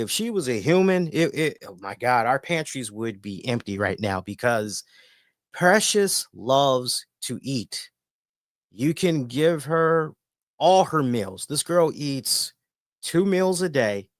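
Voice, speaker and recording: A man hosting a wrestling review show, chatting casually and telling stories in an animated way with lots of filler words. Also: mid-range voice, no echo, studio quality. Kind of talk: casual chat.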